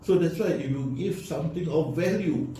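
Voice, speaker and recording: A religious speaker gives an earnest talk, urging his listeners and repeating key points. His voice is fairly high and mellow at a moderate pace. He sounds far off in an echoey room with faint noise.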